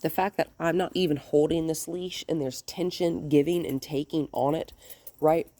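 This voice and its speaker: A woman's voice: sits low, steady tone, moderate pace, mellow. A woman dog trainer giving hands-on instruction, explaining plainly and switching to cheerful, coaxing talk with the dogs.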